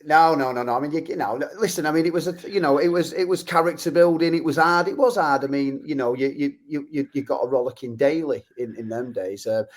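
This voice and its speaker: A man, a guest on a podcast chatting about his football youth in a rambling, halting way. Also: fairly high pitch. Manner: rambling, halting storyteller with many restarts. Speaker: guest, former youth player and musician. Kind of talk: casual chat.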